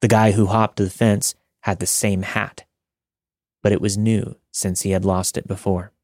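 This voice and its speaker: A man reading listener-submitted scary stories aloud in a steady, measured first-person narration. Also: lowish voice, dry recording, clean studio sound. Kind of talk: scripted horror story narration.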